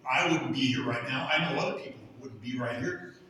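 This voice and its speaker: A man's voice: mid-range voice, sharp tone, far from the mic, slight background noise. Middle-aged man, echoey hall from afar. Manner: halting and rambling, with many fillers. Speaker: speaker sharing a recovery testimony. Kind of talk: personal testimony.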